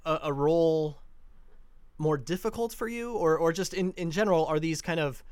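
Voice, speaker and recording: A man's voice: on the high side, moderate pace, smooth, no room sound. A man interviewing an actor, asking long questions with many restarts and fillers.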